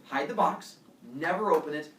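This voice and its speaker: A man's voice: on the high side, normal speed, a bit bright, far from the mic, slight background noise, close to an everyday voice. A man voicing a sly, scheming king of the gods who coaxes a favor, in a roomy classroom recorded from afar.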